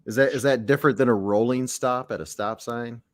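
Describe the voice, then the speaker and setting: A man's voice: medium pitch, fairly even intonation, a little fast. A man co-hosting a livestream, chatting casually, asking questions and laughing easily. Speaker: livestream co-host. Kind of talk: casual chat.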